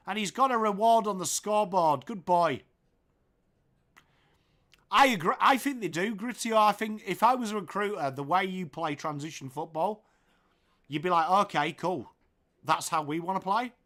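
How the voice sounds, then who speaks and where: A man with an English accent calls the game live and chats with his stream viewers as he goes. His voice sits high, and his delivery is casual and talkative, rising when a goal goes in. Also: moderate pace. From England. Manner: chatty, reads viewer comments aloud, gets excited at goals. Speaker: livestream watchalong host. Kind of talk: live commentary and chat with viewers.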